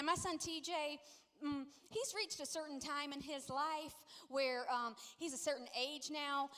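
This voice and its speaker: A middle-aged woman pastor preaching a sermon, telling stories and playfully acting out what people said. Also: high-pitched. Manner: lively storytelling, playfully acting out quotes. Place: church sanctuary. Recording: long echo of a large church hall.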